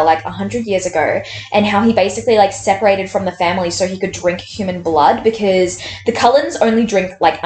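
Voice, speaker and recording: A woman's voice: mid-range voice, a little hiss or hum. Woman, twenties, casual book chat, incredulous, rambling, echoey room. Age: 20s. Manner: animated, incredulous, rambling with many fillers. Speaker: book reviewer. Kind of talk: casual chat reading aloud from a novel. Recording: roomy echo.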